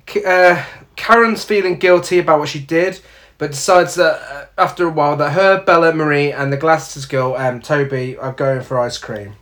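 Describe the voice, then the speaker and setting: Guy, bit higher voice, sweary sarcastic movie recap. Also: moderate pace, fairly bright tone. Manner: sweary, sardonic plot recap. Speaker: podcast co-host. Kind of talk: casual film review chat.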